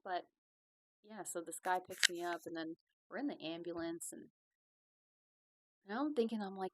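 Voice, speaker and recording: A woman's voice: lowish voice, moderate pace, pauses often, fairly bright tone, no room sound, low-quality recording. Profane, rambling young woman podcaster. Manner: rambling, profane, self-mocking storytelling with laughs. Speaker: podcast host. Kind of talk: casual solo podcast storytelling.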